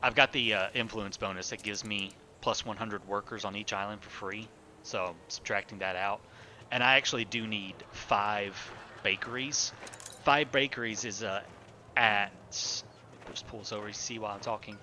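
Low, bright-voiced male game streamer. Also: steady tone, normal speed, a little hiss or hum. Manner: thinks aloud, rambling with fillers and self-corrections; chats with viewers while playing. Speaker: streamer playing a city-building game. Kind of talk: casual live-stream commentary.

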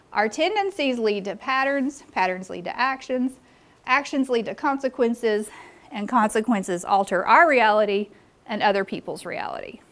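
A woman presenting a live workshop in a meeting room, engaging the audience with questions. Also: medium pitch.

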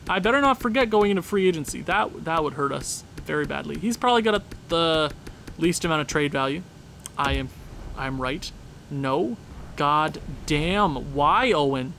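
A man with a somewhat high voice gives loose, running commentary over a video game. He chats straight at the game and now and then bursts into loud laughing shouts. A faint hiss of noise sits under the recording. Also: lively intonation, moderate pace, gravelly. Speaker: gaming channel host. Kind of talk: casual gameplay commentary.

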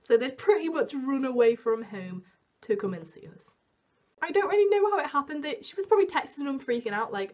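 Young woman, high-pitched, casual vlogger who tells stories with lots of "like" and animated quoted voices. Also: a little fast. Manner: chatty, self-mocking, full of "like" fillers; acts out quotes with big jumps in pitch. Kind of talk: storytime chat to camera.

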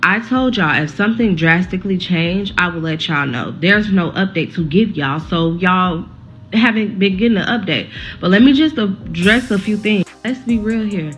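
A woman in her 20s, a social media creator looking after a neighbor's child, speaks to her viewers in a casual vlog update, blunt, heated, and swearing freely. Her voice is mid-range at a normal speed, the recording is muffled, and soft music plays in the background.

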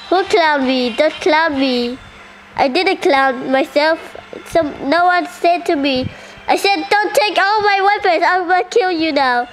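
High-voiced, excitable female gamer. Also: background noise. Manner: excitable, full of surprised questions. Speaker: gaming channel host. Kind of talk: casual gameplay commentary.

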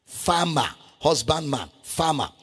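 A man preaching a sermon as pastor, shouting and half-singing scripture verses with great passion. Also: fairly high pitch, very animated, takes it slowly, husky. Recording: long hall reverb with faint music.

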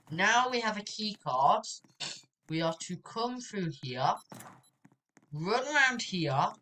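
A young woman talks through her game in a chatty commentary style. Her voice is bright and unhurried, and her pitch leaps around, breaking into screams. A faint background noise sits under her. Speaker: gaming YouTuber. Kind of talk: gameplay commentary.

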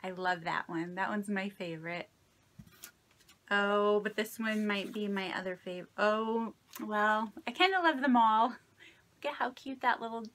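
Gushing over an unboxing in a casual vlog, an Indiana woman who makes craft videos piles on delighted, sentimental exclamations while sounding a bit sick and unsteady. Her voice is a little high with a fairly bright tone.

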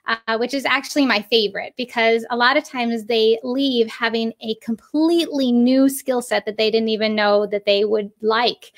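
Woman puppetry teacher, guest in a casual chat, explains step by step, slightly high voice. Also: a bit bright. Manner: explanatory, demonstrates with quick voices. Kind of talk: casual interview talk.

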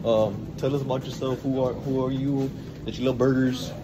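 A man's voice: mid-range voice, level tone, normal speed, noisy background. A young man casually vlogging at home on a phone, hyped and playful, chatting to his dog. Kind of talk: casual vlog. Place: at home, indoors.

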